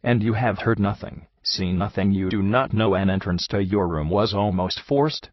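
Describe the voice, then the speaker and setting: A man voicing an excitable middle-aged French detective who talks in quick, eager exclamations, with a husky voice. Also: on the low side, no echo, dull audio. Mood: incredulous.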